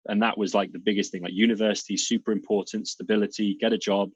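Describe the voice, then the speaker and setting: A man in his thirties from South Wales with a Welsh accent, chatting as an interview guest in a relaxed, rambling way with ums. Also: fairly low pitch, fast talker, breathy edge, no room sound, dull audio. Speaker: guest, doctor turned nomad. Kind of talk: casual interview chat.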